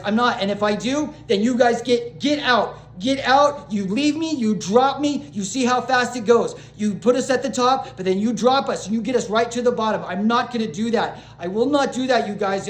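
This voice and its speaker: A woman vlogger ranting to camera in a rambling, agitated way, restarting sentences, swearing and apologizing to her viewers. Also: on the high side. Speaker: small-channel vlogger. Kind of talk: unscripted rant to camera. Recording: roomy echo.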